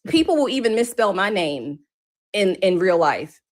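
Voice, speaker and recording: A woman speaking on an online panel, telling her view in an emphatic, animated way. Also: mid-range voice, moderate pace. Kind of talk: casual discussion.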